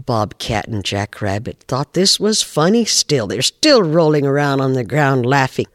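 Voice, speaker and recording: A man from the Pacific Northwest telling a traditional animal folk tale in a measured, animated way. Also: mid-range voice, dry recording, studio quality. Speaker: storyteller. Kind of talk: oral folk storytelling.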